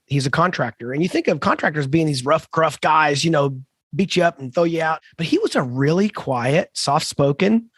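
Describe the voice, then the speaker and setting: Animated storytelling man with a dry sound. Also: a little high, slightly rough, dry recording. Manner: animated, lively anecdote-telling with emphatic asides. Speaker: podcast co-host. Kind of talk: conversational storytelling.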